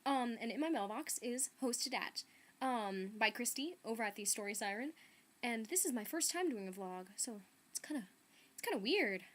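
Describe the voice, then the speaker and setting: A woman's voice: fairly high pitch, lively intonation, moderate pace, a bit bright, rough recording. A teenage girl chatting in her bedroom about books, full of "like" and "um", recorded on a laptop webcam. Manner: chatty, filler-heavy, lots of "like" and "um". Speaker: book vlogger. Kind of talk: casual vlog chat. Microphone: laptop webcam mic.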